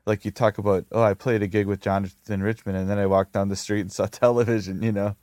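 Low-voiced man hosting an interview. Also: level tone, quick pace, a little mellow, no room sound, clean studio sound. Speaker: host. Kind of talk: casual interview.

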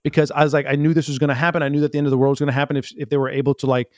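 A man telling a long, earnest story, rambling and halting with many restarts. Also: fairly high pitch, level tone, dry recording, studio quality. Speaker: guest. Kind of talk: improv comedy storytelling.

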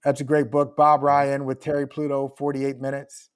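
A man's voice: mid-range voice, completely flat delivery, normal speed, clear, resonant tone. A man who is an author, answering podcast questions remotely in a reflective, emotional way and laughing often. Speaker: author guest. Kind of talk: podcast interview.

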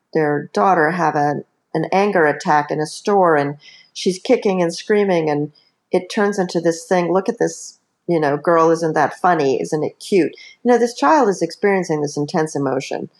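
A woman's voice: low voice, darkish tone. A woman author speaking as a podcast guest, explaining earnestly with many asides. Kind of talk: podcast interview.

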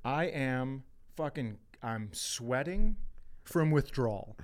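A man's voice: medium pitch, expressive, takes it slowly. A middle-aged man on a podcast, telling a story with plenty of swearing and acted-out quotes. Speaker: podcast co-host. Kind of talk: casual storytelling chat.

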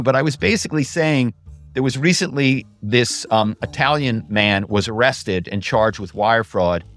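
A middle-aged man, a guest in an interview, telling stories about his work in a lively conversational way with frequent "you know" asides. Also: mid-range voice. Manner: animated storyteller, many "you know" asides. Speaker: guest, former actor and corporate spy.

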